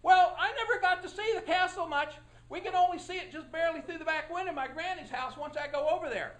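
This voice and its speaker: A man voicing a chatty, excitable little girl who rambles and repeats herself in a storytelling performance. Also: extremely high pitch, fast. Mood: excited. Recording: echoey room.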